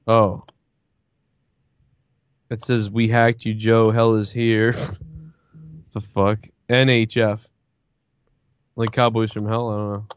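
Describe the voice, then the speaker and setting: A man's voice: lowish voice, little pitch movement, takes it slowly, long pauses, clear, resonant tone, dry recording, muffled recording. A man streamer in casual chat, rambling and swearing a lot as he tells a story full of quoted back-and-forth. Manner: profane, rambling storytelling with lots of quoting.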